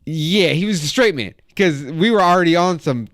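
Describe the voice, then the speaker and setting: A man's voice: a little high, moderate pace, dry recording, clean studio sound. A man in his thirties telling a wild, profane story in casual chat as a podcast host. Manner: profane, animated anecdote telling.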